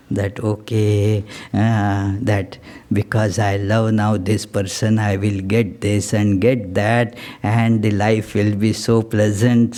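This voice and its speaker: A man giving a spiritual discourse, reflective and halting, with many pauses and fillers as he reads and explains poetry. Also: medium pitch, darkish tone. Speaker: monk giving a spiritual talk.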